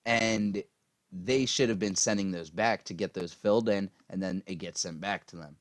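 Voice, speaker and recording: A man's voice: low voice, moderate pace, no room sound, clean studio sound. A man ranting casually about politics, profane and rambling with lots of fillers, tired after a long day. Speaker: political commentary vlogger.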